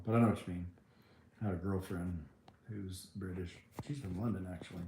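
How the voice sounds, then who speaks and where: Low-voiced man chatting in an echoey room. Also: fairly even intonation, fairly quick, darkish tone, a little hiss or hum. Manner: rambling, frequent ums and restarts, wry. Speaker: livestream host answering chat. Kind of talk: casual chat reading viewer comments.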